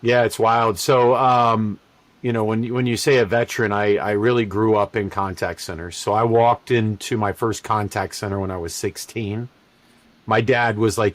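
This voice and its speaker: A man in his forties, relaxed and conversational, telling his career story as a podcast guest and acting out quoted lines. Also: lowish voice, normal speed, no room sound. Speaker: podcast guest, call center executive. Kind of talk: casual storytelling interview.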